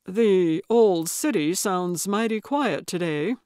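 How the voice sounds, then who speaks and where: A woman's voice: medium pitch, takes it slowly, a little mellow, no echo, studio quality, close to an everyday voice. A woman voicing an old man, terse at times and easily delighted. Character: cheerful old man, theme park fan.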